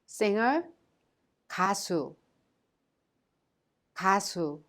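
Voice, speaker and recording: A woman language teacher giving a scripted lesson, speaking clearly and carefully and saying words twice for learners to repeat. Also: mid-range voice, expressive, takes it slowly, fairly bright tone.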